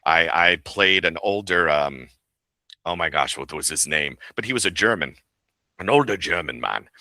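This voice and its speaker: This voice actor and director has a very low voice that nonetheless comes through bright and forceful as he talks about his work in a relaxed interview. Animated and laughing easily, he keeps a normal pace, and his close mic yields a dry sound.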